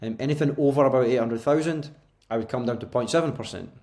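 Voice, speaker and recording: A man's voice: medium pitch, fast, a little mellow. A Scottish man, co-host of a podcast, talking loosely and laughing easily over a remote call. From Scotland. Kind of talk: casual chat.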